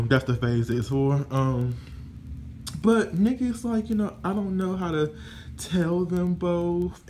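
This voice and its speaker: A man casually recapping a reality TV episode, gossipy and animated, swearing freely and filling his pauses with "um" and "you know". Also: medium pitch, slight background noise. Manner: animated, profane, gossipy, many fillers.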